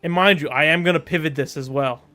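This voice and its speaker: A man from Europe with a fairly high voice chats loosely as he streams a game, joking and rambling and breaking into laughter often. Faint game music plays under his talk. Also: quick pace, sharp tone. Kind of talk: casual gameplay commentary.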